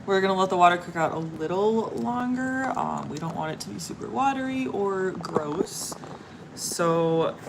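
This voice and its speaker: A chatty woman explains what she is cooking as she goes, speaking casually on a home livestream. She is outdoors, and clear background noise runs under her voice. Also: medium pitch, expressive, normal speed.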